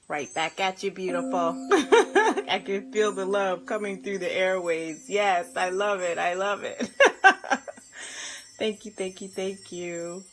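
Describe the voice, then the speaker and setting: A woman life and health coach on a live stream, bubbly and effusive, warmly greeting viewers by name and laughing often. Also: medium pitch, fairly even intonation, takes it slowly, pauses often, faint music behind.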